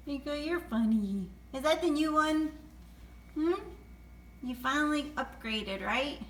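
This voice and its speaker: A woman's voice: high voice, lively intonation, very slow, long pauses, fairly bright tone. A woman filming her parrot at home, talking to him in sing-song baby talk, cooing, gasping and laughing often. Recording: echoey room with faint noise.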